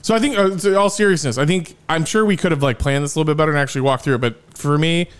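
Podcast co-host, young man, slightly raised pitch, jokey storyteller who laughs a lot. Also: very fast, clear, resonant tone. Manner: joking, laughs often, rambling stories. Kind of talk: crude casual chat.

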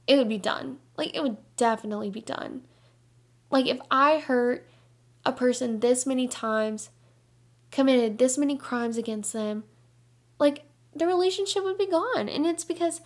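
A young woman hosting a Christian devotional podcast, talking in an earnest, energetic, chatty way with lots of casual fillers. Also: high voice. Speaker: podcast host.

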